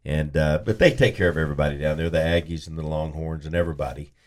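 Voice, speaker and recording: A man's voice: rumbling low, steady tone, fast, a little mellow. A man co-hosting a sports talk radio show, chatty and upbeat. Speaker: radio co-host. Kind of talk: casual chat.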